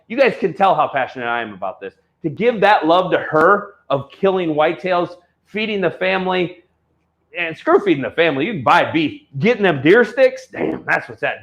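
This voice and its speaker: Blunt high-voiced man ranting. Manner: blunt, animated, swears freely. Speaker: host of an online auction show. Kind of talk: ranting casual talk to viewers.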